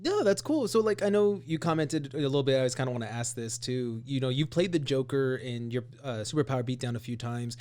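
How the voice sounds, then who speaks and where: A man hosting an interview, giving short encouraging reactions and asking relaxed questions. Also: mid-range voice, fairly quick, hardly any pauses. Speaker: interviewer, host. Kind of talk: casual interview chat.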